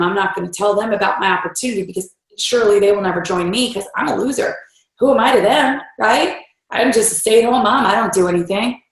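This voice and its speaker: A woman leading a team training, giving a motivational talk and acting out quoted voices along the way. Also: on the high side. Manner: animated, acts out voices in quotes. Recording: roomy echo.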